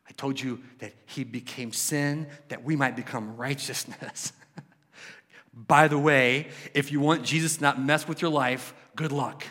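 A man preaching a sermon with passion, swinging between loud exclamations and hushed questions. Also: medium pitch, big-room sound. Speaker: pastor.

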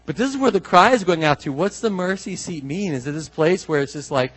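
A man, a pastor, preaching a conversational sermon, asking his listeners questions and building to emphatic, drawn-out declarations. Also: fairly high pitch, fairly bright tone, low-quality recording. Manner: conversational, asks the congregation questions.

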